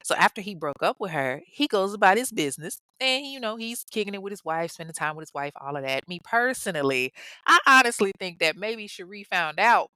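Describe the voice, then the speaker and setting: A woman's voice: mid-range voice, lively intonation, brisk, bright, forceful tone, clean tone, no room sound. A woman casually telling a crime story in a sassy, profane way, talking straight to her listeners. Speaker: podcast host.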